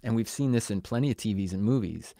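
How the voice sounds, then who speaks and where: A fairly low-voiced man co-hosts a podcast in an easygoing, animated way, slipping into other people's voices as he rants. His voice is recorded close and dry, with almost no room sound. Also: fast talker, vocal fry, dry recording. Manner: animated, ranting, acts out quoted voices. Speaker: podcast co-host. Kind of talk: casual conversation.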